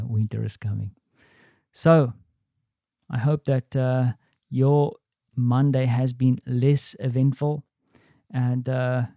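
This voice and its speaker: A man's voice: medium pitch, gravelly, mellow, dry recording, clean studio sound. A man with a South African accent talking casually in a rambling, easygoing spoken diary. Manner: rambling, easygoing, many fillers. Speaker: podcast host.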